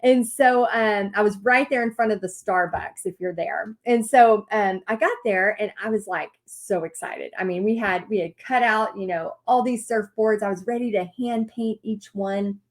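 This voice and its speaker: A woman telling a personal story to an audience in a lively way, acting out what people said. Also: medium pitch, moderate pace, few pauses. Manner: animated storytelling with acted-out quotes. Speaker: paint party business teacher.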